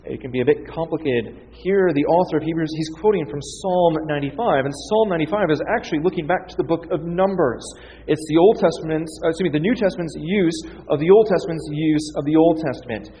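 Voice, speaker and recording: A man's voice: a little high, fast, dark tone, slight background noise. Man preaching in an echoey hall. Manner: teaching, reads scripture aloud with emphasis. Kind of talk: expository sermon. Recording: dull, reverberant hall sound.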